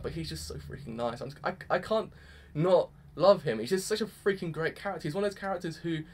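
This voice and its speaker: A young man rattles off an excitable, gushing anime review at a rapid clip. His voice sits a bit high for a man, and his casual, enthusiastic talk is full of "freaking". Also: breathy edge.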